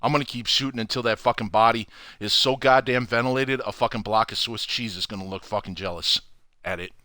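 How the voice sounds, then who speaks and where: A man hosting his own channel, ranting furiously to camera from home with heavy swearing and loud outbursts. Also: mid-range voice, fairly quick, dry recording, clean studio sound. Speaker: channel host. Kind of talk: angry profane rant to camera.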